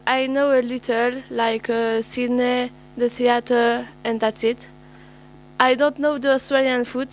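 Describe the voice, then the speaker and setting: A woman's voice: fairly high pitch, a little hiss or hum, poor audio. A teenage girl introduces herself to pen pals in careful learner's English with fillers. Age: teens. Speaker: student.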